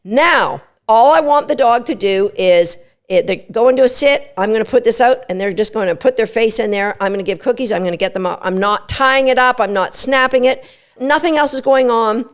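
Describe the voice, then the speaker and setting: A woman giving an energetic podcast lesson on dog training, repeating each step plainly. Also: a little high, a little fast, clear, resonant tone. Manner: energetic, instructive, repeats steps.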